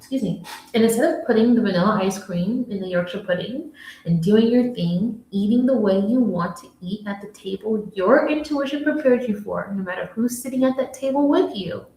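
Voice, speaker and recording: A woman's voice: mid-range voice, normal speed. Spiritual coach, American woman, mid-range voice, earnest storyteller, recorded in a reverberant room. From United States. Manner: earnest, storytelling, with soft hushed asides. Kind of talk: motivational talk to camera.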